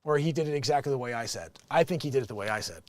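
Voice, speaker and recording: A man's voice: medium pitch, animated, racing, a little mellow. A man hosting a casual online show, reading news stories and riffing on them with jokes. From United States. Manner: joking, acts out quotes. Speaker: vlog host reading news.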